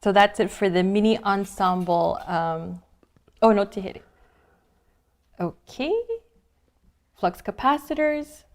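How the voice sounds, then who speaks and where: A woman's voice: mid-range voice, slow, long pauses. A woman co-hosting a live stream, reading out group introductions with playful asides. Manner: laughs easily, playful asides. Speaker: livestream co-host.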